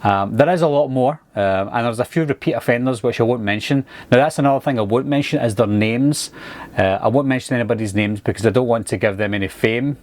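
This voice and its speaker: A Scottish man talks to his viewers in an easy, chatty way, with a relaxed manner. His voice sits at an ordinary middle pitch. The recording is dry and close, with no room sound. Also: dry recording. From Scotland. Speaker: YouTube movie reviewer. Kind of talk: casual monologue to camera.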